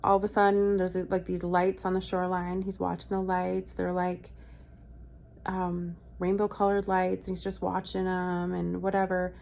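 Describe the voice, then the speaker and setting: Sick, chatty young woman with vocal fry. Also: fairly low pitch, completely flat delivery, a little mellow. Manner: chatty, swearing, fast asides and quoting people. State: sick with a virus. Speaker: vlogger. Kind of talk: casual storytelling vlog. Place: hotel room, in bed.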